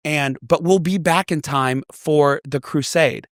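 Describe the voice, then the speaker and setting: A man's voice: a little high, a little slow, dry recording, studio quality. A man guesting on a podcast, telling a story in casual chat and acting out the voices of the people he quotes. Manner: animated storyteller who acts out quoted voices.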